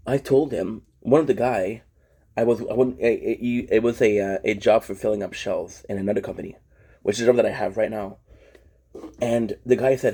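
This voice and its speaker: A man's voice: medium pitch, fairly quick, dark tone, husky. A young man whose first language is French, venting casually and frankly to his vlog audience, swearing often and restarting his sentences. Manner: frank, profane, rambling with frequent restarts. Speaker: vlogger. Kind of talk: casual personal venting monologue.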